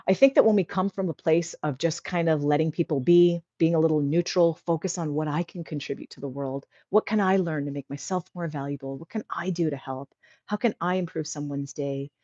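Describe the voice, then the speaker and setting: A woman's voice: low-pitched, fairly quick, warm tone, no room sound, dull audio. A woman hosting a casual livestream, chatty and encouraging, reading out viewer comments. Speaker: livestream host.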